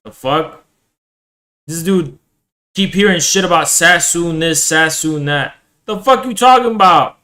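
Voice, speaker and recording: Excitable, cussing male streamer. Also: a little high, unhurried. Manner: profane, excitable, talks to chat. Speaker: livestreamer. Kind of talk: casual livestream chat.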